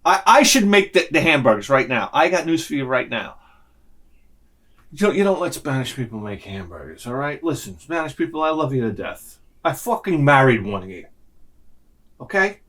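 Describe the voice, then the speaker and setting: A man's voice: medium pitch, normal speed. A middle-aged man ranting through a casual, comedic vlog monologue, slipping into other people's voices as he goes. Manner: animated ranting, acts out lines in voices. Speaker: vlogger.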